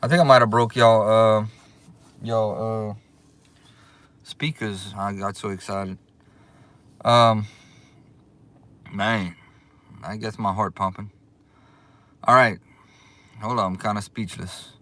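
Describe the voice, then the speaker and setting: A man hosting a casual livestream, excitable and drawling as he thanks his viewers over and over. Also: fairly low pitch, slow pace, long pauses, no room sound. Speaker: livestream host. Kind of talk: casual live chat. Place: outdoors.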